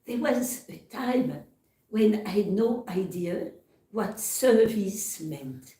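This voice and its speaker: Old clay teacup, put on by a woman speaker, slow and earnest, echoing hall. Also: mid-range voice, animated, mellow. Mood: reflective. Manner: first-person storytelling, earnest. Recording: roomy hall, far from mic.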